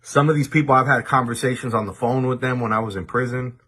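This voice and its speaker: A man with a husky, slightly breathy voice talks straight to his viewers in a monologue. His tone is deliberate and stern, and he often repeats words as he restarts a sentence. He comes from the Los Angeles area. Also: medium pitch, fairly even intonation, bright, forceful tone. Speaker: commentator addressing viewers. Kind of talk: direct-to-camera monologue.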